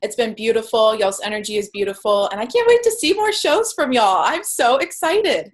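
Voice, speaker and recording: A woman's voice: a little high, expressive, a little fast, rough recording. A woman, a guest speaking earnestly and openly about her spiritual path on a video call. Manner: earnest, spiritual, acts out inner voices. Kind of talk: heartfelt interview talk.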